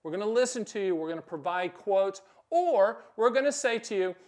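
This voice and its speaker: Blunt, punchy man with a high voice. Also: lively intonation, moderate pace. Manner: blunt, punchy, emphatic with sudden loud bursts; acts out short quoted exchanges. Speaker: host. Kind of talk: direct-to-camera explainer.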